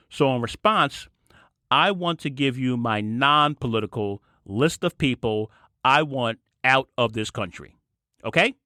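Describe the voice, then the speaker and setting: Animated, sarcastic male podcast host. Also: no echo, studio quality. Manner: animated, sarcastic ranting with sudden jumps in pitch. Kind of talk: opinionated solo podcast monologue.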